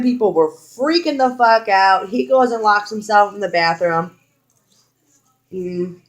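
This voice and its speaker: Frank, foul-mouthed young woman vlogger. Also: medium pitch. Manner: frank, heavy swearing, animated retelling with quoted lines. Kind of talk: casual storytime.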